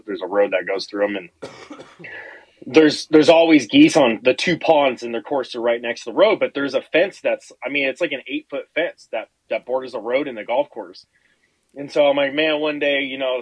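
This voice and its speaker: A husky-voiced man tells a story in loose, casual podcast chat. He swears freely and acts out each line of dialogue with lively energy. The sound is close and dry, with no room around it. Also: mid-range voice, no room sound, low-quality recording. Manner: animated, profane, acts out quotes. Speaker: podcast guest.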